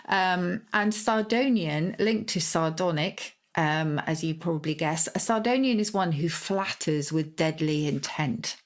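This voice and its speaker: Chatty English woman explaining word origins. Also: lowish voice. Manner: chatty, spells out words letter by letter. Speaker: podcast co-host. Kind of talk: casual chat about word origins.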